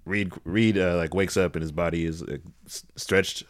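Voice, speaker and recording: A man's voice: deep voice, fairly even intonation, moderate pace. A man co-hosting a casual movie review chat, recapping the plot in a dry way. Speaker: podcast co-host.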